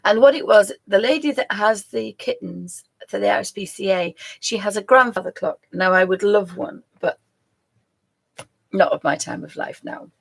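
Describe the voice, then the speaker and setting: Chatty middle-aged woman, gravelly. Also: medium pitch, moderate pace. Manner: rambling and chatty, with laughs and apologies. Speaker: host of a live crafts show. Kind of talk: casual live-stream chat.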